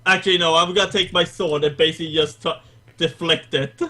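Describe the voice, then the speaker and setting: A man plays a tabletop game, thinking aloud in an excitable, stop-start way. His voice is high for a man. It has a bright, sharp ring. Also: a little fast. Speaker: player. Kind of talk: casual tabletop game chat.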